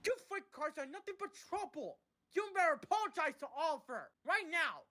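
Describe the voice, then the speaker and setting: A woman voicing a fussy, easily offended old female railway coach in a children's audio story, speaking high and sulky. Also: normal speed, natural voice. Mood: scolding.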